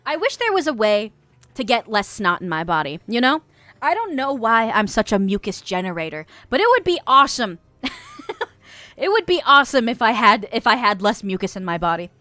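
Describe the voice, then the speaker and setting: A woman's voice: on the high side, big pitch swings, a little fast, bright, forceful tone, dry recording. An American woman in her twenties or thirties, chatting casually with her stream chat, swearing and laughing often, with a stuffy nose. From United States.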